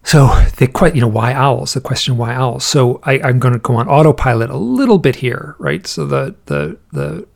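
Man, gravelly voice, interview guest, musing storyteller, thinks aloud. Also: medium pitch, moderate pace, few pauses. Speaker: interview guest, researcher of alien encounter accounts. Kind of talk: casual interview talk.

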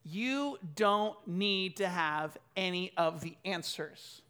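A man in his thirties preaching a sermon, telling stories and swinging from loud bursts to quiet asides. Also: high-pitched, expressive, takes it slowly, smooth. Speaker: pastor.

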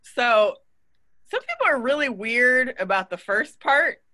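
A woman's voice: fairly high pitch, big pitch swings, measured pace, sharp tone. A woman guest on a casual panel chat, telling stories animatedly and laughing often. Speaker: cosplayer guest.

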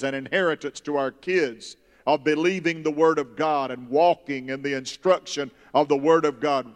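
A man preaching a sermon, reading scripture and breaking into loud emphatic bursts. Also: fairly high pitch. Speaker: pastor. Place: church sanctuary. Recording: long hall reverb.

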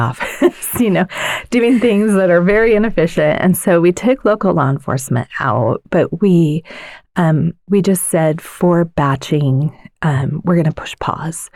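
A woman lawmaker explaining policy in an interview, measured and earnest, with frequent fillers and a slightly tired voice. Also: deep voice, warm tone, dry recording, studio quality. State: voice tiring. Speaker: state legislator.

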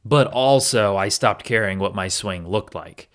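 Earnest low-voiced man telling his story. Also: unhurried, a bit bright. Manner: earnest and candid, with occasional restarts. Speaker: podcast host. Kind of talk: reflective solo podcast storytelling.

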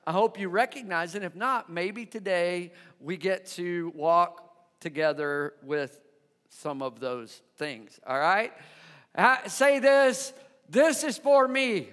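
Pastor, male, high animated voice, unhurried delivery, long church-hall reverb. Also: smooth. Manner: animated, conversational preaching that asks the congregation questions. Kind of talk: sermon. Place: church sanctuary.

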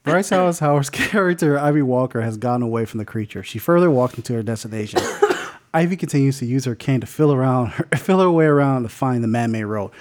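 A man's voice: mid-range voice, a little mellow. A man co-hosting a podcast, casually telling a made-up movie ending, joking and swearing, often laughing mid-sentence. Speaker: podcast co-host.

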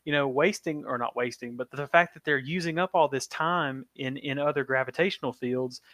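Podcast guy mulling over a movie, mid-pitch voice, dry close mic, lots of you know and like. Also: a little fast, a bit bright, no echo. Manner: thoughtful, hedging, with many fillers. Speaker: podcast co-host. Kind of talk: casual film review discussion.

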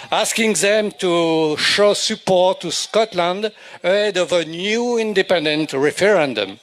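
An older man with a French accent, a native French speaker giving a halting speech at an outdoor rally. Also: sits high, a bit bright. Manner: halting, searching for English words.

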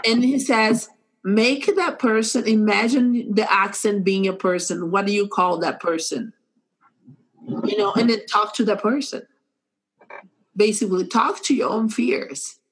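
A woman's voice: mid-range voice, a little slow, slightly rough, rough recording. Earnest storyteller woman with an accent. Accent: non-native English. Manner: animated storytelling, warm and earnest. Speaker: podcast co-host. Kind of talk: casual chat.

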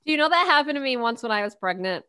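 Bright-voiced woman chatting on a video call. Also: high voice, expressive, racing, clear, resonant tone, dry recording. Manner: chatty storyteller, lots of ums and uhs. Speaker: podcast co-host. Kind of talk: casual chat over video call.

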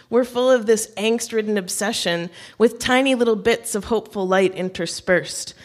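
Woman telling a wry personal story. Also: on the high side. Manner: wry and self-mocking, with light laughs. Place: on stage before an audience.

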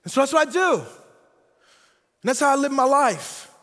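A man in his forties preaching a sermon in a casual, repetitive way, swinging between loud outbursts and quiet passages. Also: very high voice, lively intonation, normal speed, long reverb tail. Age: 40s. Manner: conversational, repetitive, dynamic shifts from loud to quiet. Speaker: pastor. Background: faint band music.

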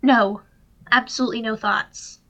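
A woman's voice: fairly high pitch, steady tone, normal speed, a bit bright. A woman co-hosting a casual podcast, teasing and playful as she chats about comedy sketches. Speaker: podcast co-host.

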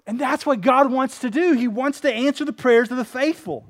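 A man's voice: very high-pitched, moderate pace. A male pastor preaching a sermon in a casual, conversational way, often acting out the people he quotes. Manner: casual, animated preaching with many fillers; acts out quoted speakers with shifts in voice.

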